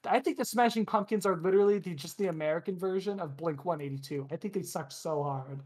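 A young podcast co-host in casual chat. The voice sits at an ordinary middle pitch. The delivery is blunt and opinionated, with dismissive verdicts. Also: quick pace, a little mellow.

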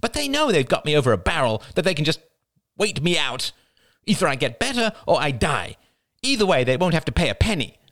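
A man's voice: mid-range voice, very animated, normal speed, a bit bright, no echo, clean studio sound, pitched above the performer's own voice. A man voicing a proud, ailing middle-aged woman, a former famous reporter, who talks in a brash, snappish, theatrical way. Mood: bitter.

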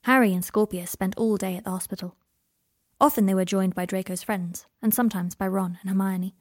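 Husky woman reading a story. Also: mid-range voice, fairly even intonation, a little fast, a little mellow, no echo, clean studio sound. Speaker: reader. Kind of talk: fan fiction narration.

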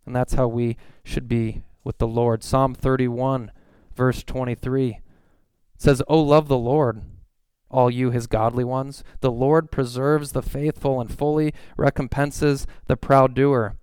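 A man's voice: medium pitch, flat delivery, a little slow, a little mellow, clean tone, no room sound. A man in his thirties preaching a sermon, reading psalm verses and telling stories about his family in an earnest, conversational way. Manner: earnest, conversational, reads scripture aloud. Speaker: pastor.

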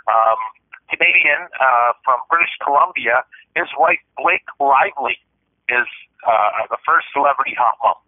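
Male podcast host, animated storyteller who acts out voices, phone-quality sound, dry, medium pitch. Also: dry recording. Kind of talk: casual storytelling chat.

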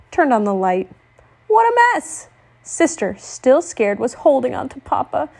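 A woman reading a children's picture book aloud, telling it in a gentle, expressive storytelling voice. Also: a little high. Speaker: storybook reader.

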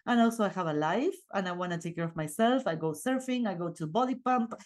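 A woman's voice: lowish voice, fast talker. A woman, a busy mom and business owner, talking casually and earnestly in a motivational vlog. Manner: earnest, upbeat, with fillers and laughs.

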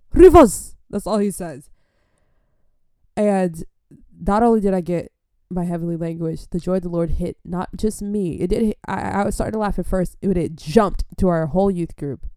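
A woman giving a casual sermon from home into a microphone, telling her testimony in a rambling, animated way full of fillers. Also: on the low side, clean tone, dry recording, clean studio sound. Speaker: preacher sharing testimony. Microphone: studio microphone.

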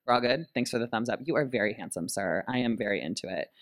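A man's voice: medium pitch, animated, quick pace. A man who performs as a drag queen, co-hosting a podcast in a playful, teasing chat with lots of laughter before a live audience.

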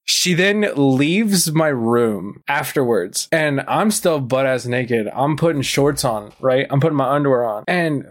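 A man's voice: mid-range voice, animated, measured pace, hardly any pauses. A young man on a podcast panel, telling friends a story casually, sarcastic and profane, acting out each quoted line.

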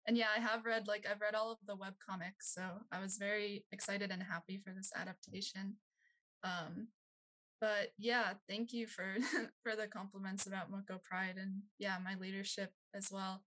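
A woman's voice: mid-range voice, flat delivery, moderate pace, a bit bright, poor audio. A woman talking as a guest on a casual podcast, hesitant, with many fillers and light laughs. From Maryland, US. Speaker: guest, youth outreach director.

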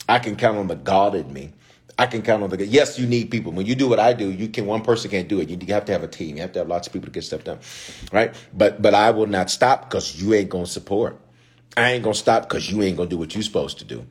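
This man, a bishop and pastor with a fairly low-pitched voice, delivers his sermon casually and with slang. His preaching is repetitive, built on call-and-response as he calls out to the congregation.

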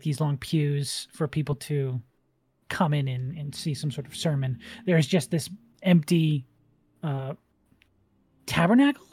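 A game master narrating a tabletop game in a relaxed, rambling way, full of fillers. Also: medium pitch, no echo.

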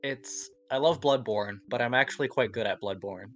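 A woman's voice: rumbling low, moderate pace. A young woman co-hosting a casual gaming podcast chat, explaining her views earnestly and analytically, with casual swearing. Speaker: podcast co-host.

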